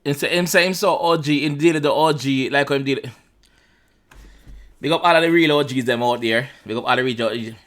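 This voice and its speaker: A man's voice: medium pitch, brisk, fairly bright tone. A young Jamaican man with a Jamaican accent, casually breaking down a song line by line in a chatty way that slips into patois. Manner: chatty, repeats himself, mixes in patois. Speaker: reaction channel host.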